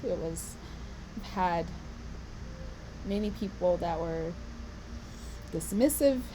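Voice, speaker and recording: A woman's voice: on the low side, animated, takes it slowly, noisy background. A woman giving a passionate, emotional motivational talk, holding back tears and swearing for emphasis. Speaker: vlogger and tour organizer.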